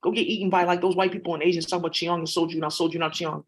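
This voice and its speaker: A woman talking in a rapid, profane monologue that jumps from topic to topic. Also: fairly low pitch, flat delivery, a little hiss or hum. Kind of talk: rambling monologue.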